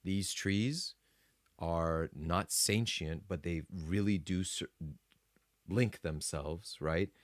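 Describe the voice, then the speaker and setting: A man's voice: low-pitched, takes it slowly, no echo, clean studio sound. A man co-hosting a podcast, explaining ideas step by step in a casual, enthusiastic way and laughing often. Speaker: podcast co-host. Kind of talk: casual spiritual discussion.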